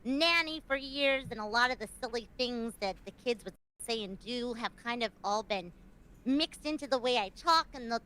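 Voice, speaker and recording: A woman streamer chatting on a convention panel, excitable and prone to gasps and squeals. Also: on the high side, normal speed, a little hiss or hum, low-quality recording. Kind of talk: casual panel chat.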